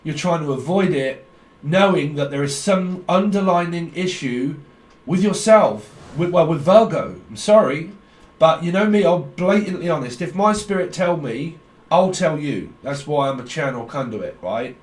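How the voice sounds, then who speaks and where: A man's voice: on the high side, lively intonation, unhurried. A man giving a rambling, blunt tarot reading, talking in a stream of consciousness and swearing freely. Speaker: tarot reader. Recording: echoey room, distant mic.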